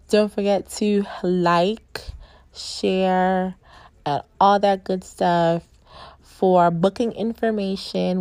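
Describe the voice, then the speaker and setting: A woman's voice: lowish voice, darkish tone, dry recording. Woman podcaster telling stories, cusses a lot, laughs a bunch, dry close mic. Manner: frank and profane, laughs often, says "right?" and "y'all". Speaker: podcast host and sex coach. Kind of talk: casual storytelling monologue.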